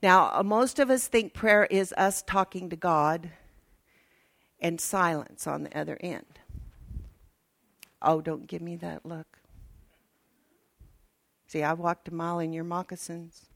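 A woman's voice: fairly low pitch, slow pace, gravelly, pauses often, fairly bright tone. An older woman minister, preaching a chatty, folksy sermon with asides to her congregation.

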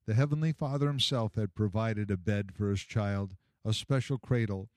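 A man narrating a Christmas story in a measured, expressive storybook reading. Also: fairly low pitch, no echo.

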